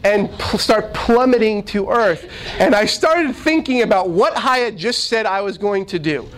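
A man who is a minister, telling a humorous story from the pulpit in an animated, self-deprecating way. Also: high voice, moderate pace, rough recording.

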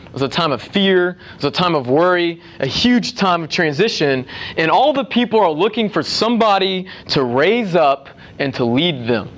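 A man's voice: high voice, expressive, normal speed, fairly bright tone. A young man giving a casual sermon to a youth group, chatty, with restarts and asides. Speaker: youth speaker.

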